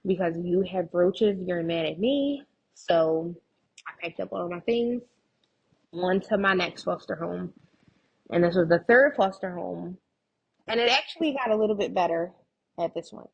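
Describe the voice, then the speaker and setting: A young woman telling her personal story as a guest in an interview, lively and expressive, often quoting other people. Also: on the low side, measured pace, gravelly, pauses often, breathy edge, highs cut off. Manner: animated retelling with quoted voices and laughs.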